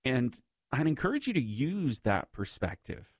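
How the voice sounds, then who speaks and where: A male radio host talks straight to his listeners in a faith-based segment, his pitch rising and falling lively as he reflects. The studio sound is dry and close, with no room around his voice. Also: normal speed, no room sound. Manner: conversational and reflective, speaking to listeners.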